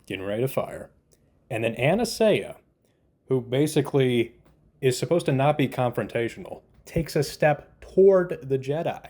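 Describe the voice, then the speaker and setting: A man's voice: medium pitch, expressive, normal speed, warm tone. A man giving a casual spoken TV review, exasperated and incredulous, often laughing in disbelief. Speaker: TV show reviewer.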